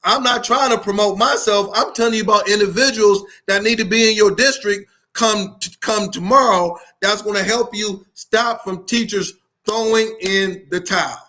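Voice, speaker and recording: High bright-voiced guy, aave, fired up and preachy, keeps repeating himself. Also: normal speed. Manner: fiery preacher-like delivery, repetitive exhortations, slangy. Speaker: podcast host, school leadership speaker. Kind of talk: live-streamed motivational talk.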